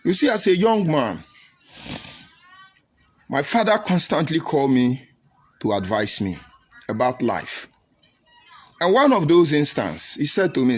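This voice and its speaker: A man's voice: a little high, sing-song, unhurried, long pauses, slightly rough, faint music behind. A middle-aged man, giving a preachy broadcast commentary and repeating phrases for emphasis. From Nigeria. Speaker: political commentator.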